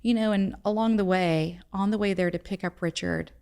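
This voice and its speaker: A woman's voice: medium pitch, steady tone, normal speed, darkish tone, clear, resonant tone. A middle-aged woman, a guest telling a personal story in conversation, acting out the dialogue in earnest. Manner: retells events by acting out quoted dialogue, earnest.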